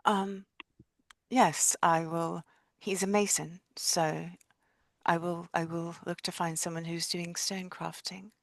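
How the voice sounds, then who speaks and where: A woman's voice: fairly low pitch, level tone, takes it slowly, vocal fry, dry recording. A woman player speaking in character in a tabletop game, hesitant and prone to restarting her sentences. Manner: hesitant, with repeated starts.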